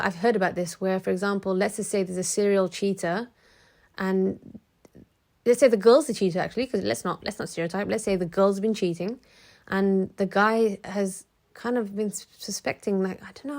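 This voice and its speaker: A woman's voice: mid-range voice, fairly even intonation, moderate pace, darkish tone. A woman vlogging to camera in a frank, chatty way, with many restarts, who acts out the people she quotes. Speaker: motivational vlogger. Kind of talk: casual talk to camera.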